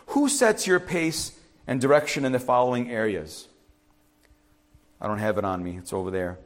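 Animated preacher man, lively pitch. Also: moderate pace. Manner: animated, swings from loud urging to quiet asides. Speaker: pastor. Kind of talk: sermon.

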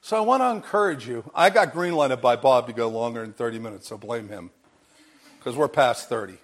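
A man preaches animatedly and briskly in a mid-range voice, leaning on emphasis and repeated phrases. His volume rises and falls between quiet and loud, and he laughs from time to time.

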